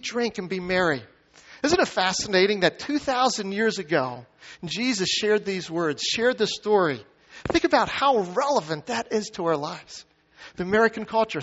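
High-voiced man preaching in a reverberant hall. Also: fairly bright tone. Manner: reads scripture aloud, asks the congregation questions. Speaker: pastor. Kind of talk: sermon. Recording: muffled sound with long hall reverb.

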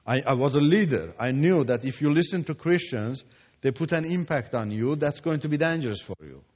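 A man from Iran, giving his testimony as a Christian teacher. He talks emphatically and repeats words for stress, moving between hushed and loud. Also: a little high, animated, a little fast. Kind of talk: preached testimony. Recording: echoey hall, dull lo-fi sound.

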